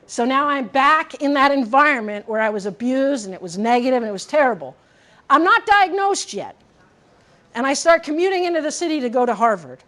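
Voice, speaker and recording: A woman's voice: high-pitched, fairly bright tone. A woman in her forties from Massachusetts, telling a candid personal story as a conference speaker and speaking earnestly to the audience. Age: 40s.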